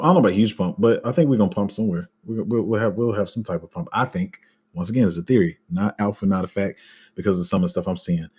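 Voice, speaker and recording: Crypto streamer, male, deep husky voice, blunt and fed up, lots of restarts. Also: quick pace, darkish tone. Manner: frank and exasperated, heavy slang, many restarts. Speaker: crypto YouTuber reading live comments. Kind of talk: casual livestream rant.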